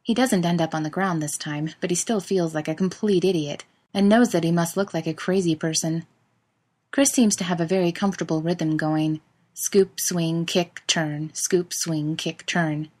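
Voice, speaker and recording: A woman narrating fiction in a steady, expressive reading voice. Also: lowish voice, brisk.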